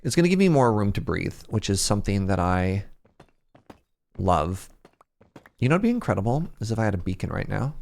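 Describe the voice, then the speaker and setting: A man's voice: fairly low pitch, sing-song, brisk, gravelly, long pauses, a little mellow. A young man from Canada streaming a building game, chatting casually with viewers, thinking aloud and poking fun at himself. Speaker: Minecraft streamer. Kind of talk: casual gameplay chat with chat.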